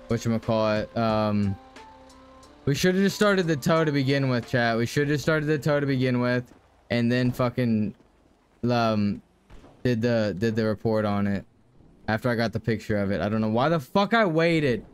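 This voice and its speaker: A man's voice: mid-range voice, moderate pace, soft background music. Profane young man ranting to stream chat. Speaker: game streamer. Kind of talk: casual live-stream chat.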